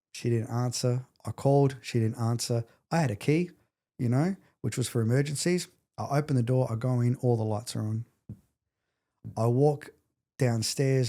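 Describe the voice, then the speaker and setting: A middle-aged man, a podcast guest telling an emotional story with intensity and acting out the quotes. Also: mid-range voice. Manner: intense, animated retelling, acts out quotes.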